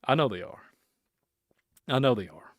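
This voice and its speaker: A man hosting a solo podcast, ranting in a rambling, excitable way. He chuckles often and trails off into muttering. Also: medium pitch, moderate pace, no room sound, studio quality. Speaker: podcast host.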